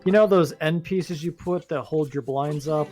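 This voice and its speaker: With music playing behind him, a man with a voice on the high side talks at a moderate pace while co-hosting a let's-play. He chats casually and wryly about the video game, rambling through stories and restarting as he goes.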